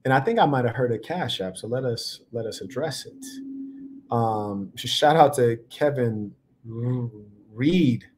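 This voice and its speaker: A man's voice: mid-range voice, lively intonation, a little slow, darkish tone, a little hiss or hum. A man hosting a live reaction stream, talking in a laid-back, playful, slang-heavy way. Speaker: livestream host. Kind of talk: casual live reaction commentary.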